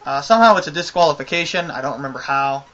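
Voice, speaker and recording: A man's voice: a little high, animated, quick pace, a bit bright, lo-fi sound. A man giving a casual spoken review of a wrestling show, ranting with exasperation and a lot of swearing.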